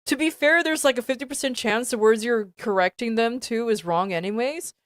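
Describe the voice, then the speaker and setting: A woman's voice: on the high side, brisk, no echo, studio quality. A woman streamer reacting to a text she reads aloud, ranting and swearing in exasperated disbelief and repeating herself. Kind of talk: live-stream reading reaction.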